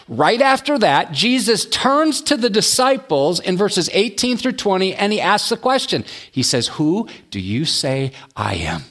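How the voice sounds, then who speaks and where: A male pastor preaching a sermon, dropping low and quiet on his key words.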